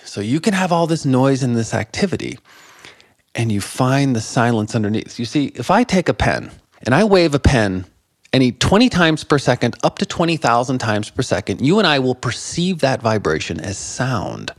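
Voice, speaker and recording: A man in his fifties, a guest in an interview, telling animated stories about meditation and laughing often. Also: mid-range voice, normal speed, no room sound. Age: 50s. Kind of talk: conversational interview.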